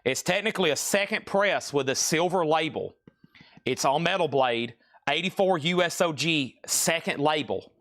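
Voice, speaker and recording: A man runs a live-stream sale, moving briskly from item to item and reading out bids. His voice sits a little high for a man, and his patter stays chatty and playful. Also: a bit bright. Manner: quick, playful sales patter, hums riffs and reads out bids. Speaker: auctioneer host of a live record sale.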